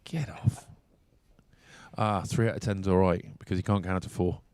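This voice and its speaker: Joking pool commentator, low voice. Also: male voice, fairly even intonation, fast talker, darkish tone, clean tone, no echo, clean studio sound. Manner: jokey, banters and laughs often. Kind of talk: casual co-commentary.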